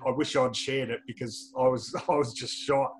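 A man with an Australian accent, a football journalist guest, telling lively anecdotes in casual podcast chat and laughing often. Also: medium pitch, normal speed.

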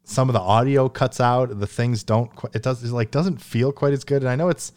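A man hosting a gaming podcast in casual chat, rambling and restarting sentences, with a deadpan delivery. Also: mid-range voice, a little fast. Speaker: podcast host.

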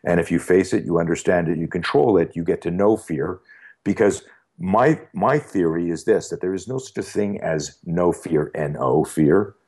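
A man's voice: deep voice, moderate pace. A man in his sixties, a fear-management speaker, telling stories in a casual podcast conversation, acting out dialogue with frequent restarts. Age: 60s. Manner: animated storyteller who acts out dialogue with frequent restarts.

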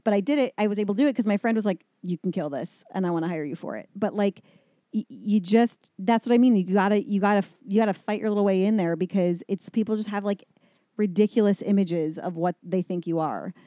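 A middle-aged woman chats about acting work, slipping into little acted-out quotes. Her voice is mellow and warm, and the recording is dry and close. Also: mid-range voice, brisk, no echo. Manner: chatty, animated storytelling with acted-out quotes. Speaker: actress guest. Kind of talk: casual chat.

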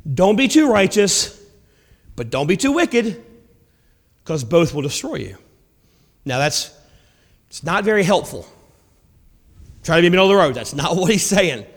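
A man preaching a sermon, dramatic, swinging between loud emphasis and hushed lines. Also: high-pitched, very animated, a little slow, long pauses, big-room sound.

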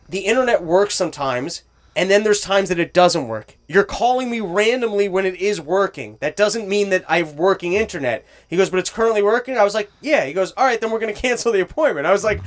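A man's voice: sits high, lively intonation, fairly quick. A man telling an exasperated, profane story in casual chat, acting out both sides of phone calls. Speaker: storyteller on a talk show.

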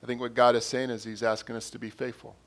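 A man preaching a sermon in an earnest way, repeating his phrases and growing louder when he reads quotes and scripture. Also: medium pitch, level tone, fast.

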